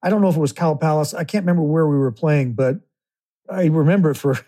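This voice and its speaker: Male podcast guest, mellow and a bit higher-pitched, casual storyteller. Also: fast.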